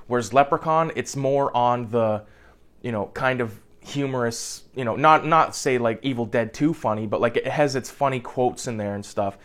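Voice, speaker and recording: A man's voice: mid-range voice, moderate pace, fairly bright tone. A young man casually recapping a movie plot in a rambling way, swearing freely and filling his speech with "like". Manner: rambling, profane, heavy on "like" fillers.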